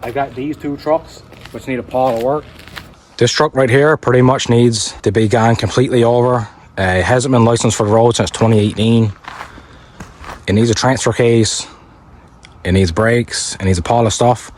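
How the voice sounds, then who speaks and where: A plain-spoken man with a Newfoundland accent, chatting easily about his car projects in a vlog. His dry humour comes through in a voice of ordinary pitch, with faint ambient and vehicle noise behind him. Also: fairly even intonation, moderate pace, darkish tone, rough recording. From Newfoundland, Canada. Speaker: car-flipping YouTuber. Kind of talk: casual vlog talk.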